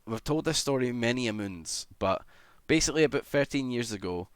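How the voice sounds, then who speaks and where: A man's voice: medium pitch, lively intonation, fairly quick, smooth, no room sound, studio quality. A young adult man livestreaming and chatting casually, rambling and self-deprecating, swearing often and humming idly between thoughts. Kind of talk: casual live-stream chat.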